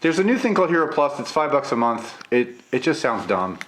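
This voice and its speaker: A man getting over a cold, with a gravelly voice, chatting casually through a camera unboxing and review, with lots of filler "uh"s. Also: medium pitch, brisk. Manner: relaxed, chatty, many filler "uh"s.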